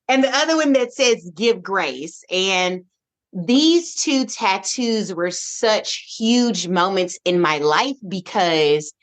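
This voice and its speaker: A woman guest on a podcast, telling her parenting story in an expressive, animated way, with frequent restarts. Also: mid-range voice, slow pace. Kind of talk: casual conversational interview.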